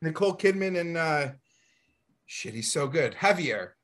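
A man's voice: a little high, expressive, unhurried, fairly bright tone. A man co-hosting a comedy podcast, chatting casually and losing his words. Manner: rambling, loses his train of thought. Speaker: podcast co-host. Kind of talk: casual chat.

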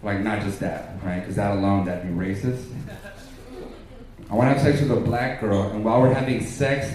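A man's voice: on the low side, steady tone, moderate pace, crowd noise. A man doing stand-up in a conversational, confiding way. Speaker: stand-up comic. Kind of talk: stand-up routine. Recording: echoey club with clear noise.

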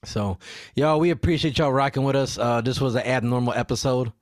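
A man's voice: medium pitch, a little fast, no room sound, studio quality. A man hosting a casual podcast, swearing freely, laughing often and getting worked up as he chats with his co-host. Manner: profane, animated, laughs often.

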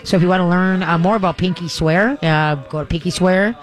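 A man's voice: sits high, a little fast. A man hosting a live call-in radio show from a pet store, talking in a folksy, rambling way. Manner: folksy, rambling, with playful voices for dogs and owners.

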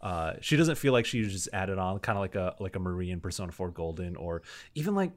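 A man with a fairly low voice talks through a casual gaming podcast discussion. He rambles, restarts sentences and leans on fillers as he works out his thoughts. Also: very animated, fast. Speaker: podcast panelist.

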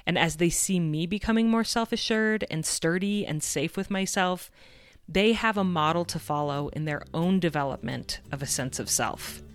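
Podcast host, woman, low and resonant voice, earnest reflective storyteller. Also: normal speed, clean tone, no echo. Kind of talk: podcast monologue.

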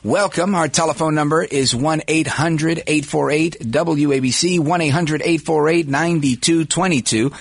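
A man's voice: fairly high pitch, moderate pace, gravelly, few pauses, husky, no echo. A male talk radio host of Puerto Rican descent, delivering a brash, self-assured monologue in a studio. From United States, Puerto Rican descent. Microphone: studio microphone.

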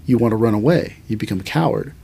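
A man who teaches a traditional martial art, explaining in a casual podcast conversation. He talks animatedly and thinks aloud, with restarts and quick asides. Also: lowish voice, animated, creaky, mellow, breathy edge.

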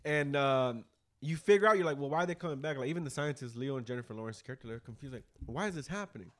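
A man's voice: mid-range voice, quick pace. Profane, rambling podcast host, man. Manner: rambling, profane, animated retelling. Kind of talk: casual chat.

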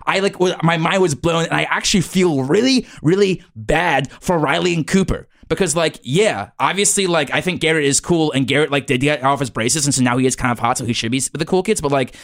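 A man's voice: on the high side, a little fast, hardly any pauses, a bit bright, no room sound, clean studio sound. A man playing a gossipy teenage boy who hosts a school podcast, rambling with constant likes and uhs. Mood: excited. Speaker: podcast host. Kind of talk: improvised comedy podcast.

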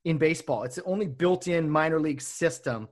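A man's voice: fairly high pitch, a little fast. A man hosting a casual interview, affable and chatty. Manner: affable, chatty, laughs easily.

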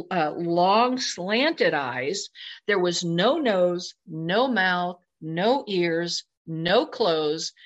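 A woman's voice: medium pitch, a bit bright. Woman telling a vivid personal account. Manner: vivid storyteller, acts out her own inner thoughts. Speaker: interview guest. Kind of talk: personal account told in conversation. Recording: slightly dull lo-fi recording.

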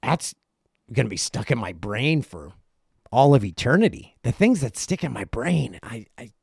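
A middle-aged man with a gravelly edge hosts his podcast, telling a casual story and popping into quick voices for the people in it. His voice sits at an ordinary pitch, and the recording is dry and close. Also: dry recording. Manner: animated, acts out other people's lines in quick asides. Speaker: podcast host.

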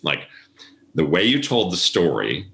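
A man's voice: low-pitched, very animated, unhurried, gravelly, fairly bright tone. A middle-aged man, an event planner, telling stories in a casual interview and acting out the voices of people he quotes. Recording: echoey room.

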